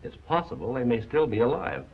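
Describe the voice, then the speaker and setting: An earnest doctor from a 1940s film, laying out his findings in a measured way. He talks quickly and his pitch swings widely. The sound is dull and lo-fi, like an old film soundtrack. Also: lively intonation, vocal fry, noisy background. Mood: explaining. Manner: measured, explanatory. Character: earnest male doctor explaining a case.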